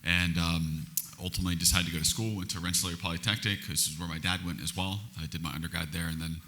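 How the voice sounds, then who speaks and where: Very low, bright-toned earnest man. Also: steady tone, fast talker. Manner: reflective, earnest, with restarts. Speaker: company CEO, guest speaker. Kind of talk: stage interview answers. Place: event hall on stage.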